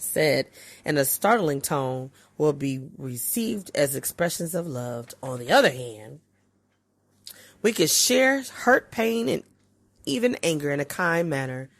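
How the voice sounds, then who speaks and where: A woman podcast host reading aloud from a relationship book, with expressive swings in pitch and loudness. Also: dry recording.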